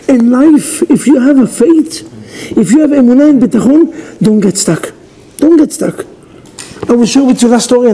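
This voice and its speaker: A man's voice: sits high, creaky, dark tone, rough recording. A male rabbi giving a sermon in non-native English, animatedly telling a story and acting out its dialogue.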